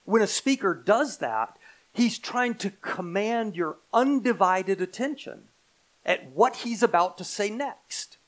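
Middle-aged american guy preaching, kinda high voice, gets slow and loud on the big lines. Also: lively intonation, poor audio. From United States. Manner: emphatic, slows and swells on key phrases. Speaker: pastor. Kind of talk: sermon.

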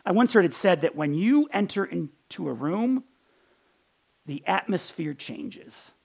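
A middle-aged man giving a sermon in an earnest, conversational way, often repeating words as he restarts and going soft on quotes. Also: a little high, vocal fry, breathy edge. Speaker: pastor.

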